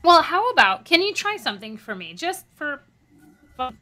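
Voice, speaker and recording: A woman with a bright, fairly high voice coaches a singer in a masterclass. She is encouraging and lively, and she demonstrates French phrases aloud as she gives notes. Her tone is clear and forward. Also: normal speed. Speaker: voice teacher giving a masterclass.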